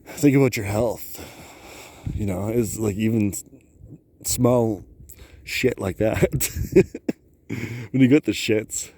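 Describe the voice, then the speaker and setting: A man rambling to his camera outdoors on a cold high lookout, laughing often and talking to himself. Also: slow, pauses often, dark tone, a little hiss or hum. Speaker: vlogger. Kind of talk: casual rambling vlog.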